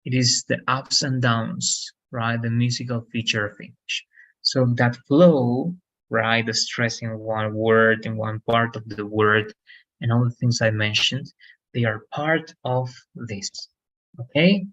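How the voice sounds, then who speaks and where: A man's voice: mid-range voice, steady tone, measured pace, a bit bright, rough recording. A man whose first language is Spanish, giving an online English lesson, explaining step by step, correcting himself and often asking "right?". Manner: explanatory, frequent "right?" checks, self-corrections. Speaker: English teacher.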